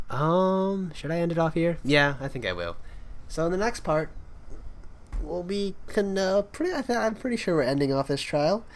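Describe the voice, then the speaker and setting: A man's voice: on the high side, very animated, normal speed, faint music behind. A man hosting a let's play, reading out game dialogue and commenting, often laughing and playfully doing the characters' lines.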